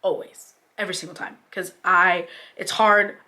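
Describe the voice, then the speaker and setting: A young woman vlogger, fairly low-pitched with fairly even intonation, normal speed, and a sharp tone, chats casually while seated. Sincere and close to tears, she uses many "like" fillers and encourages other mothers as "mama."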